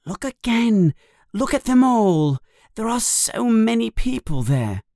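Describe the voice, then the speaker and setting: A man's voice: sits high, measured pace, dry recording, clean studio sound, voice pushed up, exaggerated voice. A man reading a storybook aloud, voicing a young schoolboy wizard in an eager, earnest way. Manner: excited, earnest.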